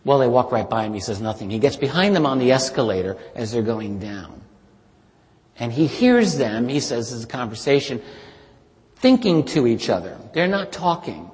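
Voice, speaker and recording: A man's voice: fairly low pitch, expressive, normal speed, a little mellow. Man telling eerie stories in a reverberant hall. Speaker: speaker giving a talk. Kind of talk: public talk retelling witness stories. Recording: long reverb of a large hall.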